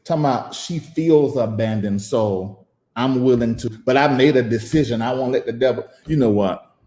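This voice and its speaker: A man's voice: medium pitch, warm tone. Emphatic preaching man in an echoey room. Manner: emphatic, preachy, repeats phrases, long pauses. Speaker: preacher and online show host. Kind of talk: emotional live-stream commentary.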